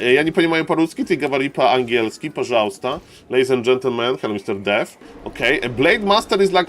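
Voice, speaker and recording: A man who is not an English speaker, commentating a strategy game match live on stream, greeting viewers and getting loud at big plays. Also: mid-range voice, fast talker, hardly any pauses. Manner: excitable, shouts at big plays, non-native English phrasing. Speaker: esports caster and streamer.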